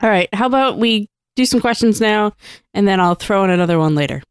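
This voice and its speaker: A woman's voice: medium pitch, lively intonation, brisk, clean tone, dry recording, clean studio sound. A woman hosting a casual chat and leading the segments in a chatty way. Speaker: podcast host.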